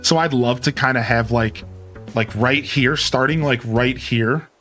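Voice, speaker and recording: A man's voice: medium pitch, unhurried. Young male streamer, easygoing chatter with swings in his voice, faint guitar music behind. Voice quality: dynamic voice that peaks and drops. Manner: laid-back, animated, lots of "like" and "dude". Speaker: live streamer. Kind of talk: casual stream chat. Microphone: studio mic with equalizer and cutoff.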